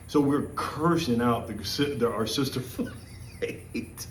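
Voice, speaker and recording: A man with a mid-range voice tells stories from his days in Air Force basic training, breaking into laughter and shouting out the lines of the people in them. He sounds a little away from the mic, in a roomy, echoing space with a faint hum of ambience behind him. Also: mid-range voice, normal speed, far from the mic. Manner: animated, laughs often, acts out yelling in quotes. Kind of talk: casual storytelling. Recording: echoey room, voice a bit off-mic.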